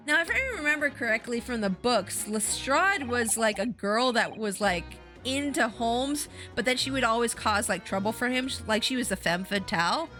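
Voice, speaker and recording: A woman streaming a game, chatting in an excitable, self-deprecating way. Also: fairly high pitch, normal speed, hardly any pauses, faint music behind. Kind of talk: live gameplay stream chat.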